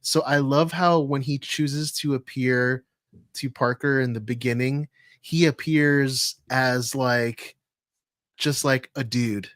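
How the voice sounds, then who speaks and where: A man co-hosting a podcast, chatting excitedly with lots of "like" and "you know". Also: mid-range voice, slow, no echo, studio quality. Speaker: podcast co-host. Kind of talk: casual chat.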